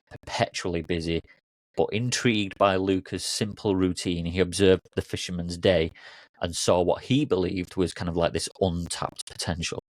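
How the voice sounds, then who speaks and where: Deep-voiced man telling a story. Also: no room sound. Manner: relaxed, loose delivery with fillers. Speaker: coach and podcast host. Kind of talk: casual storytelling.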